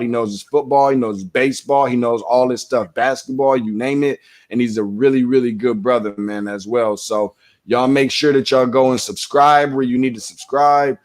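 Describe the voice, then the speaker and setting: Male sports radio co-host, grateful and effusive, restarts often, mid-pitched voice. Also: darkish tone. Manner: effusive, thankful, halting restarts. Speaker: basketball co-host. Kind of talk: casual sports radio talk.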